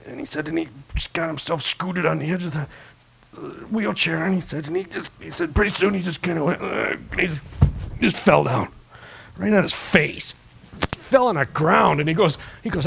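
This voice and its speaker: Husky pastor preaching. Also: male voice, high-pitched, normal speed, low-quality recording. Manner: storytelling with big swings from hushed to loud. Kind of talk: sermon.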